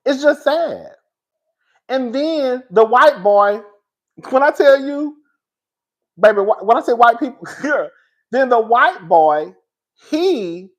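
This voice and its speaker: A man giving casual, dramatic commentary on a reality show, talking straight to his viewers with emphatic repeats and frank swearing. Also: very high voice. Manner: animated, dramatic storytelling with emphatic repetition; swears freely and addresses listeners as "girl".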